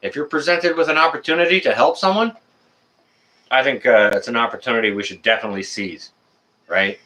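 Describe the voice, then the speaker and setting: Brisk and forceful, with a bright, medium-pitched voice, a man hosts a relaxed live stream from his apartment. He chats along, reading viewers' chat messages out loud.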